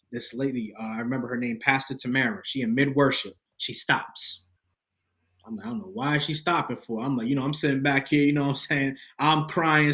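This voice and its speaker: A man guesting on a podcast, telling a personal testimony in casual slang with lively energy. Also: mid-range voice. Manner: slangy, animated, addresses listeners as bro and fam.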